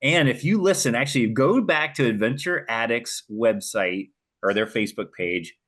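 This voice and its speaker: A man co-hosting a podcast, telling stories in a lively, casual way and swearing freely. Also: mid-range voice, normal speed. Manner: animated storyteller, swears casually. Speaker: podcast co-host. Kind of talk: casual chat.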